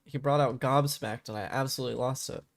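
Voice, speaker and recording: A man's voice: mid-range voice, steady tone, fast talker, vocal fry, dry recording. A man streaming a building game, trading dry jokes in casual banter with friends. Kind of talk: casual gaming chat.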